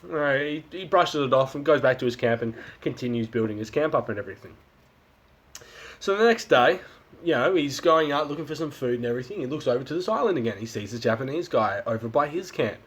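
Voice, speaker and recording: Australian man, livestream host, casual chat, repeats words, swears freely, medium pitch. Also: lively intonation, fast, fairly bright tone, slightly rough. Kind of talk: casual chat and joke telling.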